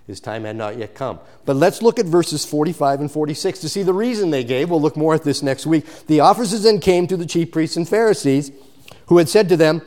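A pastor preaching a sermon, his delivery swinging between quiet, intimate passages and loud, emphatic calls. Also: on the high side, sing-song, brisk.

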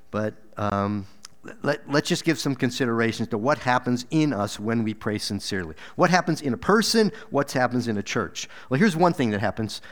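A man preaching a sermon in church, earnest and exhorting, with frequent repeated words and emphatic rises. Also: mid-range voice. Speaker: pastor.

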